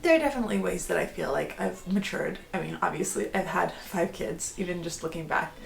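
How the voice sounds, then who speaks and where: A middle-aged woman vlogs candidly about her life, rambling a bit, restarting phrases, and laughing often. Her voice is fairly low and gravelly, with reverb and a little background noise.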